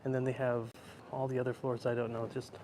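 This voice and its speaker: A man's voice: medium pitch, little pitch movement, brisk, darkish tone, a little hiss or hum. A man in his thirties, live-streaming from a handheld phone while walking, chatting casually and rambling as he answers viewers' questions. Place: indoor library, then outdoor rooftop.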